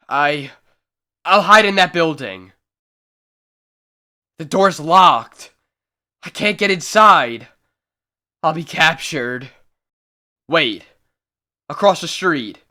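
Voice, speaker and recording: A man's voice: fairly high pitch, voice pushed up, heavily acted. A man voicing a frantic, terrified man who believes story characters are hunting him. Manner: frantic, shouting in terror.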